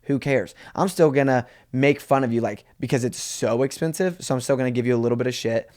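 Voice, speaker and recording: A young adult man co-hosting a comedy podcast, telling stories in a relaxed way and teasing playfully in casual banter. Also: medium pitch, fast talker. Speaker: podcast co-host.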